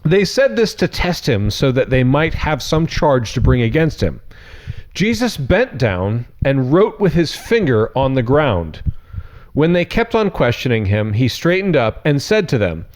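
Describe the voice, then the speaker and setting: A man's voice: medium pitch, sing-song, a little slow. A man preaching as a pastor in a casual, conversational sermon. He reads scripture, adds frank, sarcastic asides and laughs often. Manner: frank and irreverent.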